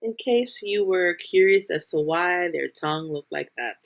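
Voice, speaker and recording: A woman's voice: fairly low pitch, measured pace, vocal fry. A young woman co-hosting a podcast in casual chat, rambling and restarting her sentences. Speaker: podcast co-host.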